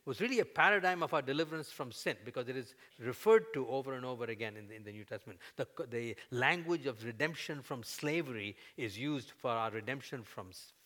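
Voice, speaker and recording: A man preaching a sermon, conversational with fillers, building to loud, emphatic peaks as he voices prayers. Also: medium pitch. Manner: fillers and restarts, conversational teaching.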